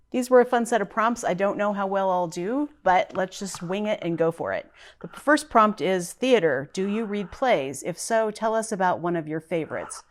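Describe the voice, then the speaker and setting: Chatty woman with a lowish voice. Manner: chatty, thinking aloud. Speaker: book vlogger. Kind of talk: casual chat.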